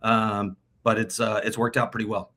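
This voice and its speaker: Man, middle-aged, bright tone, casual interview chat, stumbling restarts. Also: lowish voice, little pitch movement, normal speed. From New England. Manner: rambling, many restarts and repeats. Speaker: guest, team broadcaster.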